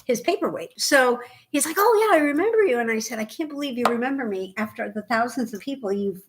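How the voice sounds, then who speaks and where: An older woman with a fairly high voice co-hosts a relaxed craft podcast. She tells stories with lots of energy, bouncing between her own voice and the voices of people in the story. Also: a little fast, background noise. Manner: animated storyteller, acts out voices. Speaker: podcast co-host. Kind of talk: casual chat.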